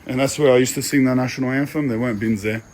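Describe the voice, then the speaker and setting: A man's voice: medium pitch, steady tone, very fast, darkish tone, a little hiss or hum. A young Australian man talking casually outdoors, brash and boastful with street slang. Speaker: social media personality. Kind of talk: casual walking vlog. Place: outdoors among apartment blocks.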